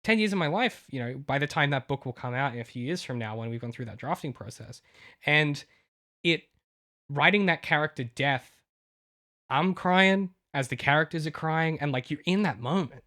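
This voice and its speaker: A man's voice: a little high, expressive, moderate pace, bright, forceful tone. Man talking emotionally in restarts. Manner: emotional, rambling with many restarts. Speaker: podcast co-host and novelist. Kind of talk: casual chat.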